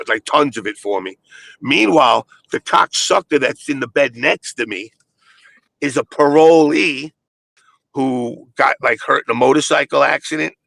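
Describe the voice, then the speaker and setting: A man's voice: medium pitch, creaky, a bit bright, poor audio. An older man telling long, profane stories in casual chat. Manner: profane, rambling storyteller.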